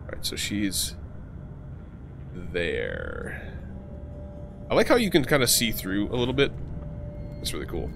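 A man's voice: lowish voice, huge pitch swings, measured pace, gravelly, long pauses, noisy background. A man casually commenting on a game he plays, joking, swearing and talking to the characters. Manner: chatty, jokey, swearing, talks to game characters. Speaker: gaming channel host. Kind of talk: casual let's play commentary.

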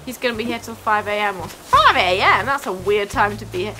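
A woman's voice: mid-range voice, animated, a little fast, noisy background. A woman giving casual, gushing and giggly commentary over her gameplay. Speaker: gaming YouTuber. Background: game music.

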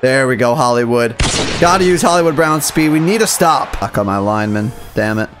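A young man commentating his own video game match, muttering plays quietly and then yelling at the big moments. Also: medium pitch, animated, fairly quick, over music. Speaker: gaming YouTuber. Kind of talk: live gameplay commentary.

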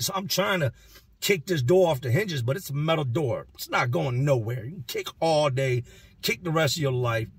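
A man casually telling a first-person story, animated and emphatic, with street slang. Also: medium pitch, husky, no room sound. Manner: animated, acts out the voices in his stories. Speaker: vlogger telling prison stories.

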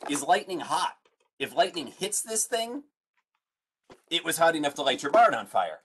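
A man's voice: medium pitch, husky. A man, a museum science educator, leading an online family science lesson, playful and full of questions for his audience.

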